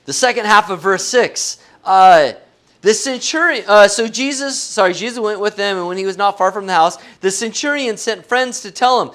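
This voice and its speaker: A man's voice: sits high, moderate pace, fairly bright tone. A middle-aged male pastor giving a conversational sermon, joking about himself and asking his listeners questions. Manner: humorous, self-deprecating, asks the audience questions.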